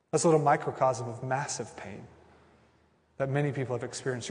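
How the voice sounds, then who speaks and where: A man in his thirties, a pastor preaching a sermon in an animated, conversational way with acted asides. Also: medium pitch, a little fast. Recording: reverberant hall.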